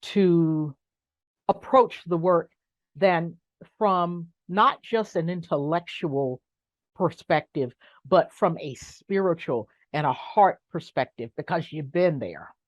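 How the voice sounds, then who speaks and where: Middle-aged woman, low voice, frank and emphatic, dull lo-fi dry sound. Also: slow pace, no room sound. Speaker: guest. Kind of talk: conversational interview.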